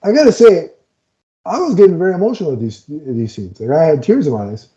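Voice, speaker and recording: Mellow-voiced man retelling a film, lo-fi. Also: on the high side, fast talker. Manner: animated retelling, many restarts and fillers. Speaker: podcast co-host reviewing a film. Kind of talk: casual film review chat.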